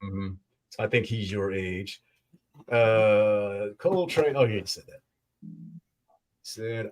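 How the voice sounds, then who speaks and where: A man's voice: on the low side, slow pace, long pauses, darkish tone. A man hosting a podcast in casual chat, joking, swearing and laughing often. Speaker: podcast host.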